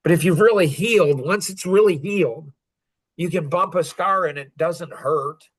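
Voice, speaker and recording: A middle-aged man talking on a podcast with a somewhat high voice. He speaks with raw intensity and often climbs into angry, emphatic outbursts. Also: normal speed, husky. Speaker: podcast guest sharing his story. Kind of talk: emotional podcast conversation.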